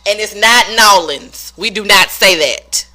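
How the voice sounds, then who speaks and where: A young woman talks as a podcast co-host. Her sassy, profane rants swing widely up and down in pitch. Her voice is bright and forceful. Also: expressive, unhurried, soft background music. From Louisiana, US. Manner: sassy, profane, rant-prone. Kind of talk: casual podcast chat.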